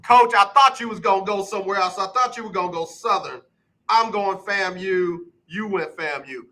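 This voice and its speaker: A man hosting a casual sports talk radio show, quizzing his guest in a brisk, repetitive rhythm. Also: high-pitched, pushed and bright, poor audio.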